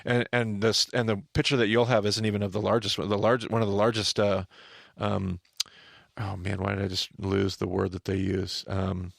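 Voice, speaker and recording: A man hosting a podcast, teaching on the Bible in an animated conversational way, often restarting and asking his co-host questions. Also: lowish voice, normal speed, vocal fry, no room sound, studio quality.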